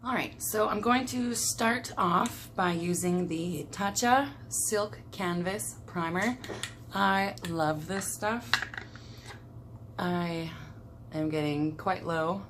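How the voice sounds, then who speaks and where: A woman's voice: on the low side, slow, slight background noise. A young woman vlogger chatting casually as she does her makeup and talks through each product. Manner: chatty, relaxed, talks while applying makeup. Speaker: beauty vlogger. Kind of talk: casual get-ready-with-me talk.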